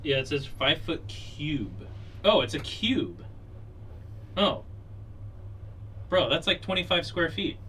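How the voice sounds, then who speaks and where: A man playing in a tabletop game, chatting easygoingly and quick to agree with the dungeon master. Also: a little high, very animated, a bit bright, slightly rough. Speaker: player. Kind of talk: casual chat at a tabletop game. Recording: distant mic with faint hiss.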